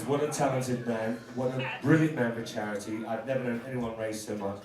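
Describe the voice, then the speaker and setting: A man's voice: medium pitch, steady tone, normal speed, few pauses, noisy background. A man performing as a drag queen comedian, delivering a camp, bawdy stand-up roast on a live stage. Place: live pub venue stage. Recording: echoey venue, mic at a distance. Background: laughing crowd.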